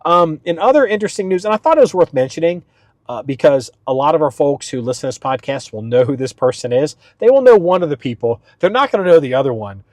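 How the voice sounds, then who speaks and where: A man's voice: a little high, expressive, quick pace, darkish tone, no echo. Rambling male podcast host, dry sound. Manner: rambling, with many fillers and restarts; talks slightly up for the podcast. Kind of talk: casual solo podcast talk.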